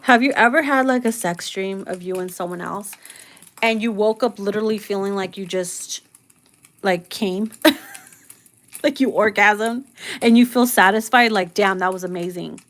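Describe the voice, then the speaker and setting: A woman's voice: mid-range voice, normal speed, fairly bright tone. A woman giving a casual tarot reading, blunt and profane, laughing a lot and acting out quoted lines in slangy voices. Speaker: tarot reader.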